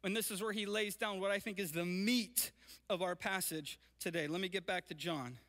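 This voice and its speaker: A male pastor preaching a sermon and reading scripture, energetic and often checking in with his listeners. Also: high-pitched, normal speed. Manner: energetic, keeps checking in with "right?". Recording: long reverb of a large hall.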